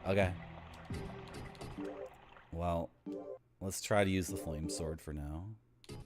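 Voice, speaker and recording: A man's voice: deep voice, fairly even intonation, slow pace. A man streaming a video game, casually commenting and joking with his chat. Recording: game music behind voice.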